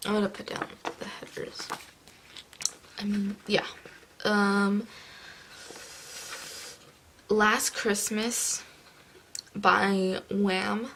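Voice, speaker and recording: Slow, gravelly young woman. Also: medium pitch, level tone, a little hiss or hum, rough recording. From California. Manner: rambling, with many fillers, slipping into soft murmurs. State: groggy morning voice. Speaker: planner vlogger. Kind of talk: casual chat while decorating a planner.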